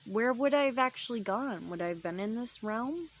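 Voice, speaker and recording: A woman's voice: on the high side, expressive, moderate pace. A woman casually telling a true paranormal story from her childhood, chatty and dropping into whispers for suspense. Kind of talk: casual first-person storytelling.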